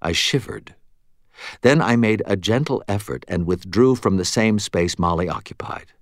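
A man reading an audiobook in first person with expressive, wry storytelling. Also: lowish voice, normal speed, no room sound, studio quality. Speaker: audiobook narrator.

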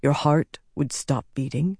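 A woman reading an audiobook, voicing a cold, commanding young man who speaks softly and offhandedly. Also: low-pitched, moderate pace, no room sound, studio quality. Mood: menacing. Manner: soft, eerie, offhand.

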